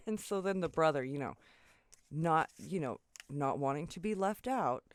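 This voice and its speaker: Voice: mid-range voice, animated, measured pace. A crafting vlogger telling a story at home while working, rambling and chatty, with lots of asides and frequent laughter. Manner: rambling, chatty, full of "you know" and "right?" asides. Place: home basement.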